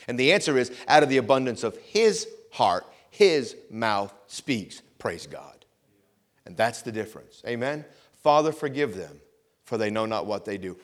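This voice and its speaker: A man preaching a sermon, repeating phrases for emphasis and swinging between loud emphatic lines and quiet asides. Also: medium pitch. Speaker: pastor.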